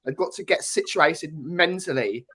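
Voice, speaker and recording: A man's voice: a little high, unhurried, bright, forceful tone, breathy edge. A man on a podcast panel, laying out his opinions emphatically in casual talk.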